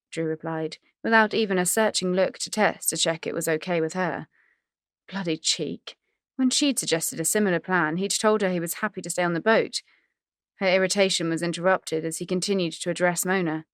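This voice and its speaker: Brief: woman reading fiction with a wry, chatty tone, lowish pitch. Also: fairly even intonation, moderate pace, dry recording, clean studio sound. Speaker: audiobook narrator. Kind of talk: scripted narration.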